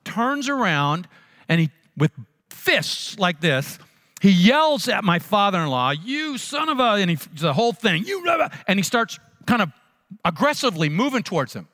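A man, a pastor, telling a funny story in a sermon with animated, self-mocking comic timing. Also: high-pitched, moderate pace.

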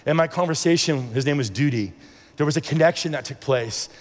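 Guy giving a sermon testimony, kinda high voice, lots of restarts, long room echo. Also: a little fast. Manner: earnest, rambling, with many restarts and quoted dialogue. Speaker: preacher sharing a testimony.

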